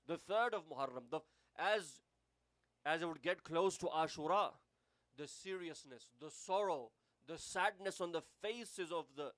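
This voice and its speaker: A British man preaching a sermon with a fairly high voice. He climbs to emphatic, fervent peaks and then sinks into hushed, solemn passages. The sound is dry and close, with no room around it. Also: dry recording. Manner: impassioned, rising to emphatic peaks then dropping to hushed tones.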